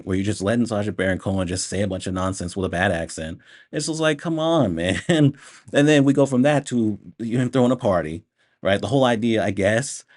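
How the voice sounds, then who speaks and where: A man talks through a movie review in a relaxed, unscripted way. His voice sits on the low side. He rants with plenty of profanity and breaks often into laughter. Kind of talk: casual spoken movie review.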